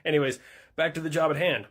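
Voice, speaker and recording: Brief: rowdy man, voiced by a man, loud and bright. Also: fairly high pitch, gravelly, husky, voice pushed up, full character voice. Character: rowdy Florida man, carefree party-lover.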